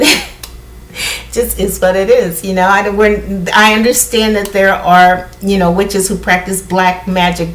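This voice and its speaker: A woman talking casually to her viewers, rambling with asides and laughs. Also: on the low side. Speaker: spiritual vlogger. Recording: echoey room.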